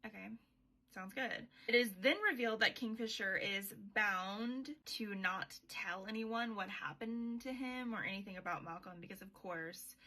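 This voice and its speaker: Bright, chatty young woman host. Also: mid-range voice, moderate pace, hardly any pauses. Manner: chatty, sweary, sarcastic asides. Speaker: podcast host. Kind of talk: casual book recap.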